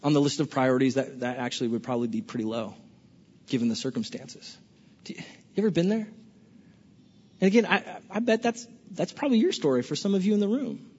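A man preaching a sermon as a pastor, animated and playful, often stammering and restarting his sentences. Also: on the high side, brisk, pauses often, husky. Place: large church hall. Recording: dull lo-fi recording with long hall reverb.

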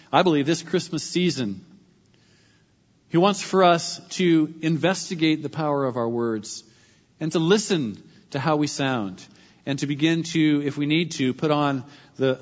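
A man preaching a sermon as pastor, emphatic and repeating his key phrases slowly. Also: on the high side, in a large hall, muffled recording.

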